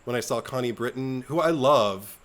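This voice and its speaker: Animated man acting out film lines. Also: medium pitch, normal speed. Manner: animated, acts out film lines in exaggerated voices. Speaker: podcast co-host. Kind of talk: casual chat.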